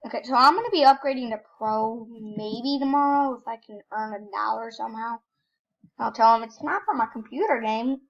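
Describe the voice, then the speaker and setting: Young female gameplay commentator, high voice, rambling and self-correcting, muffled lo-fi computer mic. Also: normal speed. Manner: rambling, self-correcting, sudden excited outbursts. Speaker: gaming YouTuber. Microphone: computer microphone with screen recorder.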